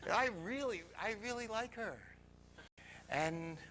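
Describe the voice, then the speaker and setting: A man telling a personal story to a live audience, confessional and animated, dropping to near whispers and rising loudly, often laughing. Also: high voice, takes it slowly, a little hiss or hum, rough recording. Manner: confessional, swings from hushed to loud, laughs often.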